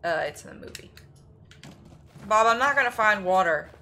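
A woman's voice: mid-range voice, expressive, normal speed, sharp tone, a little hiss or hum. A woman streaming a horror game live, reading notes aloud and reacting with sudden exclamations.

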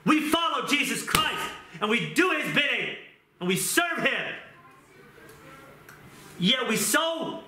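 A middle-aged male pastor preaching an impassioned sermon, moving from quiet talk to shouting. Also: very high-pitched, very animated, slow, long pauses, slight background noise. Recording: roomy echo.

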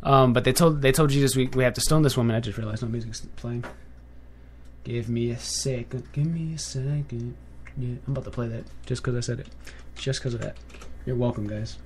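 A man's voice: medium pitch, moderate pace, darkish tone, slight background noise. A young man hosting a casual online radio show. He talks off the cuff to his listeners, rambling and often correcting himself along the way. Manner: rambling, with frequent self-corrections and filler; chatty and direct with listeners. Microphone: headphones with a desk mic.

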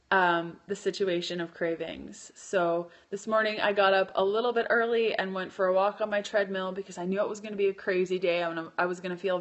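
A woman's voice: medium pitch, a bit bright. A woman hosting a casual live stream, chatty and loose, using lots of fillers and correcting herself as she goes. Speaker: podcast host and keto blogger.

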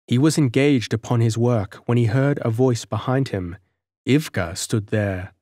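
Here a male audiobook narrator delivers scripted narration with a mid-range voice, steady and even like a storyteller. The sound is clean studio quality, free of echo.

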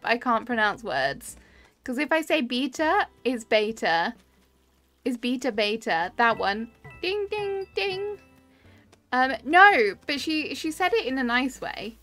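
A woman's voice: sits high, big pitch swings, moderate pace, pushed and bright, soft background music. British woman, thirties, live-stream host; casual, giggly, reads chat aloud. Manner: chatty, laughs often, reads chat comments aloud.

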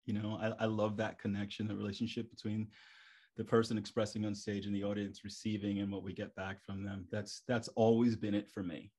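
A middle-aged man, a stage performer guest on a podcast, telling stories in a lively way and acting out his own thoughts. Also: on the low side, brisk. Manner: animated, acts out his own inner thoughts. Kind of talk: casual storytelling interview.

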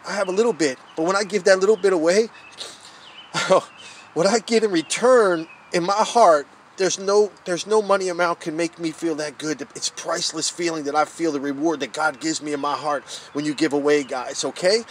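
A man's voice: fairly high pitch, fairly even intonation, moderate pace, slight background noise. A man preaching a devotional Bible study outdoors under a tent, fervent and emotional, calling listeners "guys" and "man". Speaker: street preacher.

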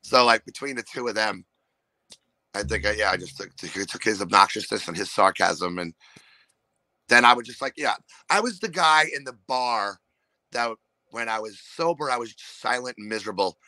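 A comedian from New York with a New York accent, talking casually and profanely, breaking into loud, ranting impressions. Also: male voice, fairly low pitch, animated, normal speed, no room sound, poor audio. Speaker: comedian guest. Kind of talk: casual podcast chat.

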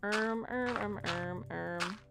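A woman's voice: mid-range voice, slow pace, creaky, over loud music. A woman casually commentating her gameplay, playful and foul-mouthed, chatting to the animals she meets. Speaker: let's play gamer.

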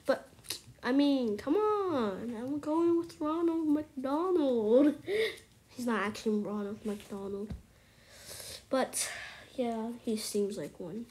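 A woman giving excitable commentary on her gameplay, exclaiming and at times whispering to her viewers. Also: on the high side, slow. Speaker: gameplay streamer.

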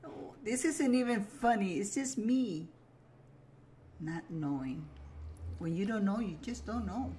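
This let's play creator speaks in a medium-pitched, dark-toned, animated voice, a little slow with long pauses, over a faint hiss or hum. Chatting to herself while gaming, she apologizes with light giggles.

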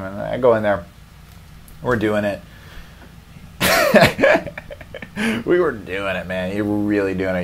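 A man's voice: fairly low pitch, huge pitch swings, slow, pauses often, a bit bright. A man hosting a comedy podcast, ranting in a profane, rambling way and laughing often. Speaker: podcast host. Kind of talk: casual comedic rant.

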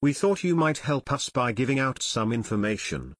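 An earnest young amateur detective, as a male narrator reads him, who keeps asking questions. The voice is dry and close, and the pitch moves a lot. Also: animated, normal speed, fairly bright tone, dry recording.

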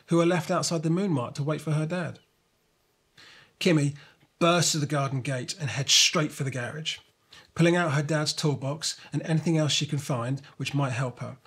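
A man narrating a children's storybook in a lively, expressive way. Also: on the high side, breathy edge.

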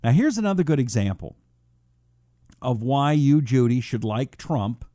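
A man's voice: very animated, measured pace, dark tone, no room sound, clean studio sound. A man hosting a political talk radio show, reading listener messages and answering critics with sarcasm. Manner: combative, sarcastic, mocks critics in high put-on voices.

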